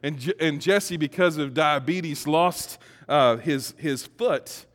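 A man's voice: on the high side, slow, a bit bright. Man preaching in a reverberant hall. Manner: conversational, rising to emphatic. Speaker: pastor. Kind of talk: sermon.

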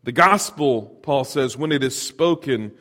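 A middle-aged man preaching a sermon as pastor, telling stories in a lively, conversational way. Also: mid-range voice, a little slow, in a large hall. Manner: storytelling, animated, conversational.

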